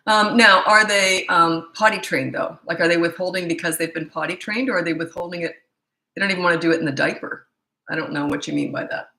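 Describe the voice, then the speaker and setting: A woman's voice: lowish voice, a little fast, gravelly, sharp tone, reverberant, rough recording. A middle-aged woman, a parenting coach answering viewer questions live, blunt and incredulous, often laughing and mocking the questions.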